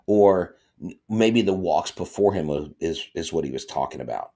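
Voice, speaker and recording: A man with a low, deep voice and a drawl hosts a live sports talk stream. He talks fast and loose, gets excited, and breaks off to read viewer comments aloud. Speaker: podcast host.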